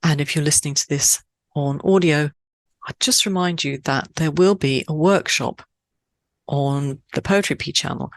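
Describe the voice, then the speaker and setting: A woman from Switzerland hosting a poetry podcast, speaking in a measured, deliberate way with lifts on key words. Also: sits low, no echo. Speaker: podcast host. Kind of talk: scripted podcast narration.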